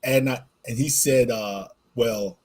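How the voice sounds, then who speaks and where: Podcast guy with a husky voice, middle pitch, chatting and telling a story, gets animated. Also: slow. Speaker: podcast co-host. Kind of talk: casual storytelling chat.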